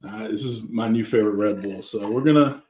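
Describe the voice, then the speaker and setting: A man's voice: lowish voice, fast talker, darkish tone, reverberant. A man with a Southern California accent hosting a casual live cooking stream, chatting loosely and greeting viewers by name. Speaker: cooking channel host. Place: backyard, outdoors.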